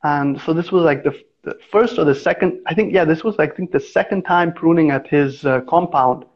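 Raised in India, this man is a guest in a laid-back interview, telling stories with lots of energy and doing the voices of the people in them. He speaks at a moderate pace in a somewhat high voice. The audio is dull and lo-fi.

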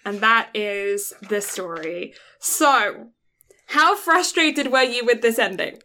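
A woman co-hosting a casual podcast, retelling a film's plot in an animated way with quick quoted voices. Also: a little high. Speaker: podcast co-host. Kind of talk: casual film recap chat.

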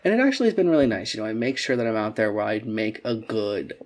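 A young woman chatting casually as a podcast co-host, animated and swearing a lot as she tells stories. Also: quick pace. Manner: animated storytelling, swears a lot, acts out quotes in a high voice. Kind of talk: casual chat.

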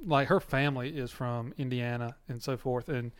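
A man's voice: medium pitch, clear, resonant tone. Easygoing man. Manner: relaxed, drawn-out storytelling with laughs. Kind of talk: casual chat.

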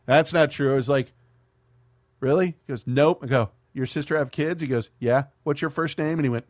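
A man hosting a podcast in casual chat, a profane, lively storyteller who acts out what people said. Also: on the high side, moderate pace, no room sound, studio quality. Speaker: podcast host.

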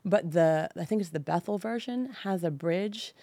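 A woman in her thirties from the San Francisco Bay Area, a podcast guest frankly and emotionally telling her personal story, slowing on painful details. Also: lowish voice, warm tone, no echo.

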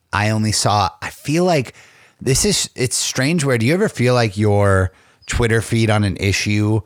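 A man's voice: lowish voice, dry recording, studio quality. A man co-hosting a podcast, chatting in a laid-back, hesitant way with frequent agreement. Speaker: podcast co-host. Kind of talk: casual chat.

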